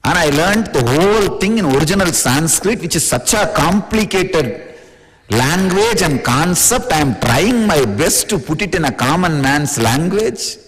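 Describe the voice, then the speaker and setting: A spiritual teacher from India with an Indian accent, giving an informal, playful, teasing discourse in plain words. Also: male voice, fairly high pitch, expressive, unhurried. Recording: long reverb of a large hall.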